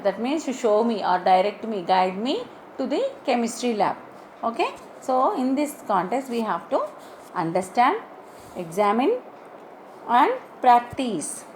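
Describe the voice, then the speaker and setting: A woman gives an online lesson at an unhurried, careful pace. Her voice sits fairly high, and she spells words out letter by letter. A faint hiss of noise sits behind her. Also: a little mellow, low-quality recording. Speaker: English teacher.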